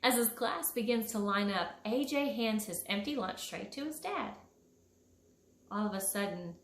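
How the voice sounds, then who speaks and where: A woman reading a children's story for a school, expressive, leaping up high on sound words. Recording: echoey room.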